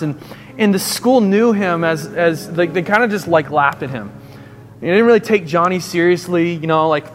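A man in his thirties, a pastor preaching a sermon and telling a story, his voice rising in intensity as he goes. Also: high-pitched.

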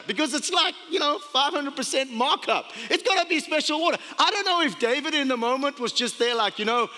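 A man's voice: very high-pitched, a little fast, hardly any pauses. A man with an accent preaching a sermon as pastor, telling stories and jokes with laughs along the way. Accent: non-American. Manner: animated, jokey storytelling with laughs. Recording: long reverb of a church hall.

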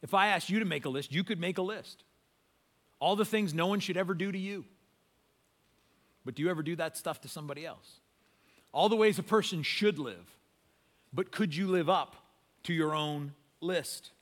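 A man preaching a sermon in a casual, animated, storytelling way, talking straight to parents. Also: fairly high pitch, moderate pace, pauses often, in a large hall. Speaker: pastor.

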